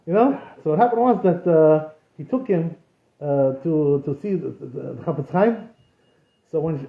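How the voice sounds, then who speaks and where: Rabbi teaching in an echoey room. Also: male voice, fairly high pitch. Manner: conversational, peppered with "you know" and Hebrew terms. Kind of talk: informal Torah class. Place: synagogue. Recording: echoey room, dull lo-fi sound.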